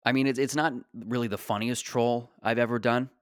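A man's voice: medium pitch, steady tone, a little fast, clean tone, dry recording, clean studio sound. A man in his late twenties hosting a solo podcast, talking casually in a rambling, joking, self-deprecating way. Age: 20s. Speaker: podcast host.

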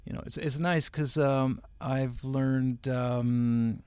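A man's voice: mid-range voice, fairly even intonation, slow, darkish tone, clear, resonant tone, no echo. A middle-aged man, a voice-over artist, chatting as an interview guest at home, rambling with lots of fillers and restarts. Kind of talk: casual interview chat.

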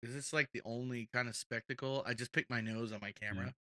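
A man co-hosting a casual video reaction chat, joking and excitable, saying "dude" often. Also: medium pitch, fast. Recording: music playing behind.

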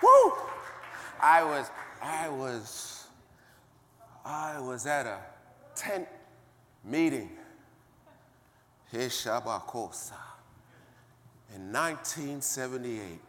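A man preaching a sermon, calling out to the congregation and building up to shouting. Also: mid-range voice, extremely slow, long pauses, long reverb tail, slight background noise.

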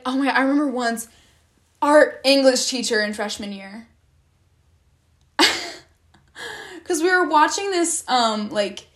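A young woman vlogger with a slightly high, sharp-toned voice tells a storytime rant in a casual, dramatic way. She retells events dramatically, swearing and using "like" heavily as filler.

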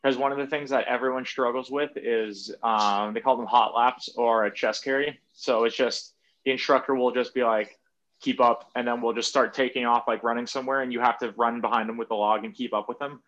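Podcast guest, man, mid-pitch, easygoing rambling storyteller, swears casually, a bit muffled audio. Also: steady tone, brisk, fairly bright tone. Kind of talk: casual conversation.

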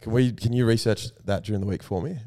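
A man's voice: fairly low pitch, fast talker, warm tone. A young man co-hosting a podcast, bantering casually, teasing his friend, laughing often and swearing freely. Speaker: podcast co-host.

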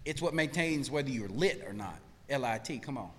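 A male pastor preaching a sermon, swinging between hushed lines and shouted peaks. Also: mid-range voice, expressive, a little fast, in a large hall, slight background noise. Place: church sanctuary.

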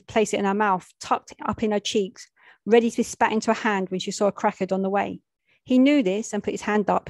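A woman narrating a gritty urban story. She reads in a plain, steady, medium-pitched voice and drops easily into street slang. The recording is close and dry. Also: dry recording. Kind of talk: reading a gritty first-person-style short story aloud.

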